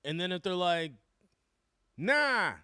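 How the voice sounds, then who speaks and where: A man's voice: a little high, very animated, a little fast, a bit bright, dry recording, clean studio sound. A young man co-hosting a casual podcast, chiming in with jokes and swearing. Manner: reactive, joking interjections, swearing. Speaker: podcast co-host. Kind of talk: casual chat.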